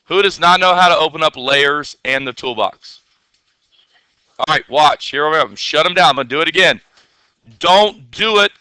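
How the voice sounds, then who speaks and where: Bright, crisp-voiced man teaching a class. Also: a little high, no room sound. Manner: chatty, asks the class questions, playful asides. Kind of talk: classroom software lesson.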